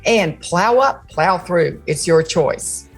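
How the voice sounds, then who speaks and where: A woman's voice: lowish voice, animated, takes it slowly, creaky, husky, soft background music. A woman with a Southern US accent, an author and speaker, chatting in an upbeat way about her book and her ideas. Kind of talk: casual promotional chat.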